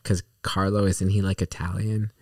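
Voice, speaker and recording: A man's voice: sits low, flat delivery, moderate pace, darkish tone, no room sound, studio quality. A man in a casual chat, musing in a meandering, playful way.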